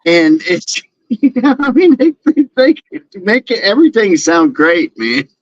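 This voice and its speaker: Southern us guy shooting the breeze, lively voice that jumps around, dull dry lo-fi sound. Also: sits high, unhurried, dry recording. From American South. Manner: laid-back, laughing, says "man" a lot. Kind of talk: casual chat.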